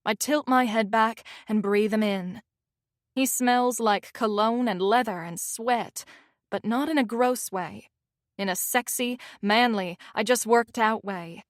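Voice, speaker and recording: A young woman with a light Southern accent reads a first-person romance audiobook in a wry, self-mocking voice. Her pitch sits on the higher side, and the recording is dry and close. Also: unhurried, no echo. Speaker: audiobook narrator.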